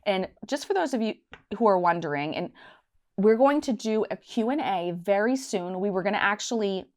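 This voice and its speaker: A woman's voice: medium pitch, expressive, normal speed. A woman vlogger telling a casual story time to her viewers, chatty and rambling, acting out the voices in her anecdote. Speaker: budgeting channel host.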